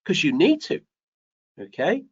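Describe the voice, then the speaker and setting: A man's voice: fairly high pitch, wildly swooping pitch, a little slow. Man, host, rhetorical questions, repeats himself, dull lo-fi sound. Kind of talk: live show giving business advice.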